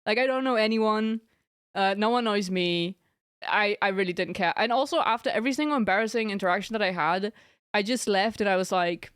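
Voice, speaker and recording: A woman's voice: medium pitch, fairly quick, clean tone, dry recording. Giggly young woman streamer, dry sound. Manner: giggly, rambling storytelling. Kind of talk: casual chat with stream viewers.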